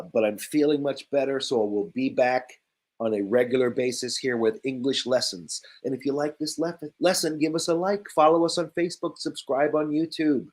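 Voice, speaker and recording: A man's voice: mid-range voice, darkish tone. A man teaching English vocabulary to learners, speaking simply and repeating each key word. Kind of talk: slow, clear ESL vocabulary lesson.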